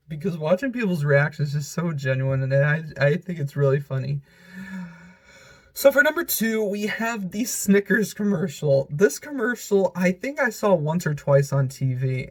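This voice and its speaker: A vlogger with a somewhat high-pitched male voice rambles through a countdown, giggling often. His talk is loose and filled with filler words, with a casual, unscripted feel.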